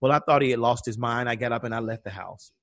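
A man's voice: mid-range voice, quick pace, no echo, studio quality. A man from Atlanta telling a personal story in conversation, acting out the voices of the people he quotes. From Atlanta, USA. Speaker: guest.

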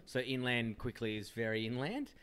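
A man's voice: medium pitch, moderate pace, fairly bright tone, clear, resonant tone. An Australian man from Perth, a podcast guest in a casual, sweary chat, telling stories in a laid-back way. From Perth, Western Australia.

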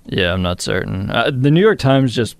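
A man co-hosting live talk radio, relaxed, reading out news updates. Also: medium pitch, normal speed, vocal fry, no echo. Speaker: radio show co-host.

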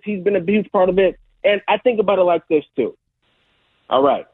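A man's voice: high-pitched, lively intonation, fairly quick, husky, dry recording. A former football player calling in as a guest analyst on sports radio, talking emphatically and tagging his points with "all right?". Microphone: phone call. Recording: tinny phone line.

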